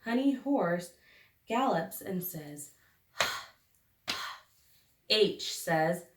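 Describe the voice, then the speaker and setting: A woman teacher leading a phonics lesson for young children, sounding out each letter slowly and deliberately. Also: lowish voice, expressive, background noise. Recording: echoey room, recorded from a distance.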